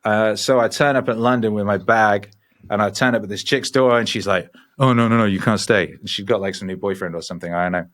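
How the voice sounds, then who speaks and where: Low-voiced man telling stories, swearing freely. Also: fast talker. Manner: swears freely, animated and rambling. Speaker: podcast guest. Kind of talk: casual storytelling.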